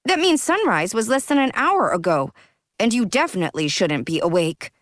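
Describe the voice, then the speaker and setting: A woman's voice: a little high, sing-song, normal speed, fairly bright tone, dry recording. A woman voicing a concerned young man in an audiobook, earnest and anxious.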